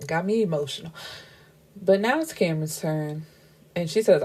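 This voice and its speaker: A woman's voice: low voice, normal speed, vocal fry, darkish tone. A woman casually recapping a novel's plot as a book reviewer, chatty and full of fillers and self-corrections.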